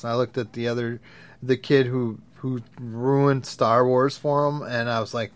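A man's voice: mid-range voice, unhurried, darkish tone. A young man telling crude, rambling stories in a casual, profane way, laughing at his own tales. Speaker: vlogger. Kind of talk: profane storytelling rant.

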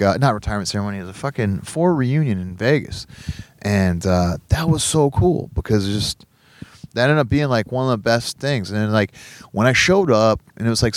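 A man's voice: fairly low pitch, no room sound. A man hosting a podcast, telling a long casual story with lots of swearing, restarts and laughter. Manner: profane, rambling, laughing often. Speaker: podcast host.

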